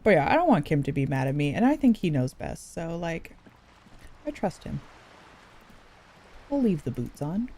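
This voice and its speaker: A woman's voice: low voice, sing-song, moderate pace, long pauses, dark tone. A woman streaming a video game, chatty and giggly, thinking aloud. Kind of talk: casual game commentary.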